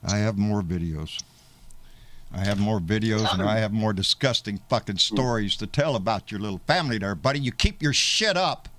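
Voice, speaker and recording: A man's voice: fairly low pitch, animated, normal speed, fairly bright tone. A middle-aged man, hosting a live show and angrily ranting, profane and taunting, hurling insults. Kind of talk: angry live-stream rant.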